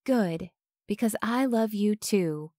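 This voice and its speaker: A woman's voice: medium pitch, animated, slow pace, warm tone, no room sound, clean studio sound. A woman voicing a shy but earnest young woman, hesitant and heartfelt.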